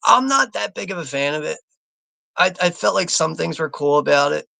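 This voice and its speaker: A man's voice: on the high side, lively intonation, normal speed, creaky, bright, forceful tone, dry recording. An American man hosting a live movie watch party, rambling, swearing a lot and laughing as he reads out chat comments. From United States.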